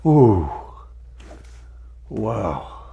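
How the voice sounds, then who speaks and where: A man speaks slowly in a dark, mellow voice, drawing out awed exclamations. He sounds emotional and relieved as a chiropractic patient. His sighs and gasps stretch between short remarks. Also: lowish voice, very animated, slightly rough, dull audio. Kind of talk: spontaneous reactions during treatment.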